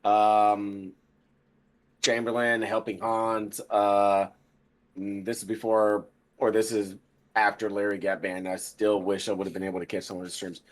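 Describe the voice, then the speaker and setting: Male podcast guest, low-pitched, easygoing, rambling casual talk. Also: unhurried. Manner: relaxed, chatty, filler-heavy. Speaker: podcast guest, military veteran. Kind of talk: casual gaming podcast chat.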